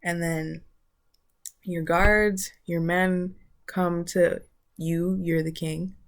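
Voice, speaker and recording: A woman's voice: lowish voice, steady tone, drawn-out words, slight background noise. A woman vlogger giving a casual spiritual talk, loose and searching as she thinks aloud.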